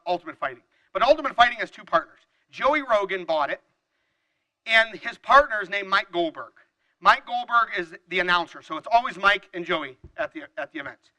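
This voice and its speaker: A middle-aged man giving an energetic motivational seminar talk, addressing the audience directly and acting out little dialogues. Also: high voice, low-quality recording. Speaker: seminar speaker.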